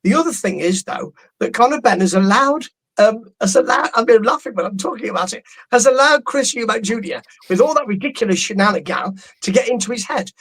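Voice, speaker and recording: A man's voice: high voice, expressive, fairly quick, fairly bright tone, breathy edge, low-quality recording. Rambling, amused male podcast co-host. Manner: rambling, amused, stumbles and restarts. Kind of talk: casual boxing podcast chat.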